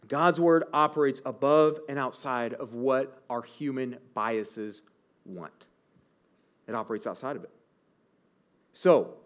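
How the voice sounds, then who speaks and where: A male pastor in his thirties delivering a conversational sermon. His voice sits a bit high for a man, and he keeps tossing rhetorical questions at the congregation in an animated, chatty way.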